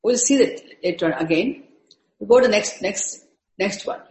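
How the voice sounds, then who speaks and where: A woman giving a spiritual lecture, slowly repeating terms and breaking Sanskrit words into parts. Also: medium pitch, darkish tone, reverberant, rough recording. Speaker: teacher of Sanskrit scripture. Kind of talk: slow, repetitive spiritual lecture.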